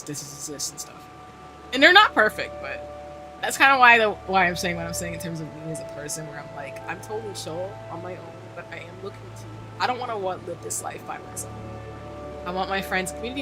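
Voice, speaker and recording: A woman streamer chatting casually while gaming, telling a rambling story and laughing often, on a desk microphone. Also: lowish voice.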